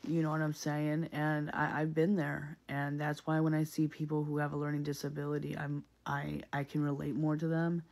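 A man's voice: on the high side, completely flat delivery, normal speed, vocal fry, few pauses, darkish tone. A man in a casual, reflective monologue, speaking earnestly and often repeating himself with many fillers.

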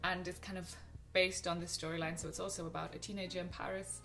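Speaking quickly to camera, this young female film vlogger gushes about films she loves, often restarting and saying um. Her voice sits on the low side, with a level tone, vocal fry and a pushed, bright quality. There's faint background music.

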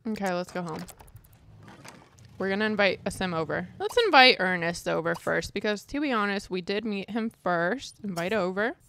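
A woman's voice: medium pitch, normal speed, creaky, a bit bright. A woman giving casual, chatty gameplay commentary as a streamer, exasperated and swearing lightly. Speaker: gaming streamer.

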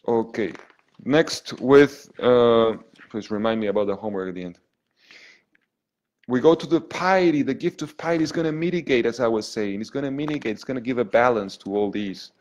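Earnest priest teaching, loud then hushed. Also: male voice, on the low side, highs cut off. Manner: earnest, with frequent restarts and checking "okay?"; swings between loud emphasis and soft, hushed phrases. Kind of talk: spiritual teaching to an online group.

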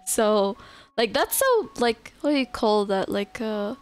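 A woman live streamer in casual chat with her viewers. She is relaxed and chatty, laughs often and answers chat messages. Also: fairly high pitch, measured pace, clean tone.

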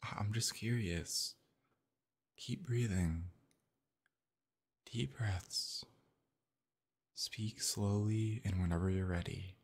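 A man in a whispered role-play as a boyfriend, talking softly and reassuringly, sometimes in an unvoiced whisper. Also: on the low side, takes it slowly, pauses often, breathy edge. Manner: soothing, gentle, reassuring; soft, partly unvoiced whispering.

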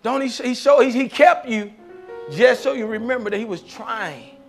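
A man preaching a fervent testimony sermon at a church service, repeating phrases and rising into shouts. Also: extremely high pitch, normal speed, gravelly, soft background music. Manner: repetitive call-and-response preaching, rising to shouts.

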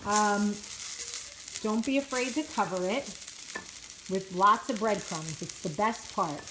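A woman's voice: medium pitch, takes it slowly, background noise. A woman, cooking in her home kitchen and chatting casually to her viewers with lots of fillers and self-deprecating asides. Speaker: vlogger cooking on camera. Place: home kitchen, frying at the stove. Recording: home kitchen with loud sizzling. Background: sizzling frying pan.

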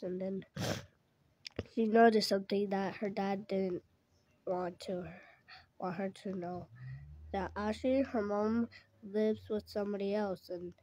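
A woman's voice: mid-range voice, a little mellow. A woman telling an improvised story in a rambling way, often stopping to correct herself.

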